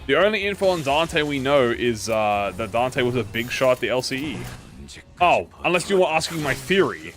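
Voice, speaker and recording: A man live-streams a game and chats with viewers over faint game music. His medium-pitched, fairly bright voice is very animated and moves at a normal pace. His casual talk rambles, corrects itself and trails off into mumbles.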